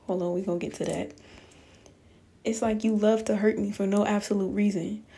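A woman's voice: medium pitch, a little fast, mellow. Profane, fed-up young woman telling a story. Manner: blunt, profane, exasperated, addresses viewers. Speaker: vlogger. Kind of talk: casual storytime rant.

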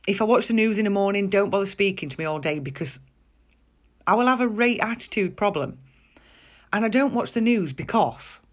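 Frank podcast host. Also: mid-range voice. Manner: candid, frank and conversational. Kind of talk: personal monologue.

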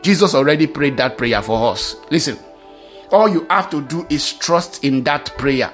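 Male preacher, high register, emphatic, repeats lines for effect, soft music underneath. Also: animated, normal speed. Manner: emphatic, repeats key phrases, reads scripture aloud. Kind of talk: sermon.

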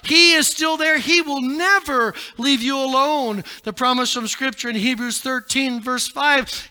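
A male pastor preaching a sermon in a dramatic way, rising to shouts and dropping low.

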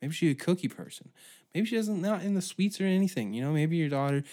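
A man's voice: fairly high pitch, lively intonation, fast, dark tone. A man hosting a podcast, ranting through a sarcastic, profane comedic monologue. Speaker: podcast host.

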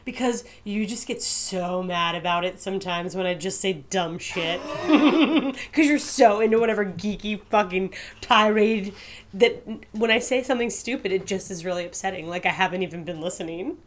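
A woman's voice: medium pitch, moderate pace. Co-host, teasing woman, faint background noise. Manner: teasing, laughs at the others. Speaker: podcast co-host. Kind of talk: casual chat.

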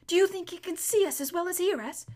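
Woman voicing a high, frightened young boy. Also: quick pace, darkish tone.

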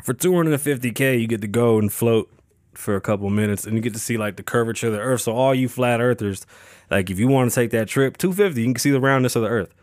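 A young man from Las Vegas hosts his own podcast, talking fast in a medium-pitched, slightly mellow voice. He chats loosely and casually, swearing freely and rambling with plenty of fillers and restarts. The studio sound is clean, with no room sound.

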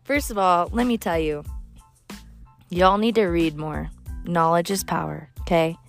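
A woman's voice: lowish voice, a little slow, gravelly, faint music behind. A woman, telling a profane, gossipy story in a casual monologue and laughing often. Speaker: storyteller vlogger.

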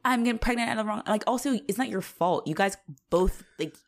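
A woman's voice: medium pitch, brisk. A woman co-hosting a casual podcast, recapping a TV episode and swearing freely as she acts out the characters' lines. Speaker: podcast co-host. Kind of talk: casual rewatch podcast chat.

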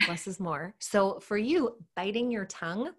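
A woman gymnastics coach chatting on a podcast through an earbud mic, acting out quotes with big jumps in pitch. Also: lively intonation, measured pace, a bit bright. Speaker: gymnastics mindset coach, guest. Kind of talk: casual podcast chat.

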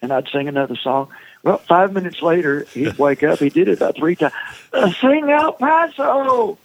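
A man's voice: on the high side, brisk, darkish tone, no echo, rough recording. An older man, a singer and songwriter, telling funny stories in a self-deprecating way during a casual conversation. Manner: humorous, self-deprecating storyteller.

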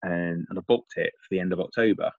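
A middle-aged English man with a very low voice and a dry, close sound that is a little dull and muffled. He rambles in casual chat, circling back and repeating himself with plenty of fillers. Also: fast talker, darkish tone, no echo. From England. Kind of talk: casual chat over a call.

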